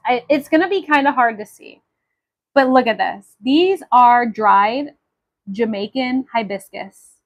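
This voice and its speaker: A woman from Maui hosts a casual livestream, her voice sitting a bit high. She chats on enthusiastically, full of fillers and friendly asides. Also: moderate pace, poor audio. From Maui, Hawaii. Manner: chatty, enthusiastic, many fillers. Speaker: livestream host.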